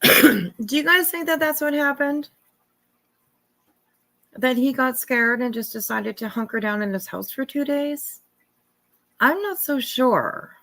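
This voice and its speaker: A woman's voice: high-pitched, vocal fry, a bit bright. A woman in her fifties hosting a casual livestream, chatting with viewers, thanking them by name and laughing often. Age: 50s. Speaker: livestream host. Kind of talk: casual live chat with viewers.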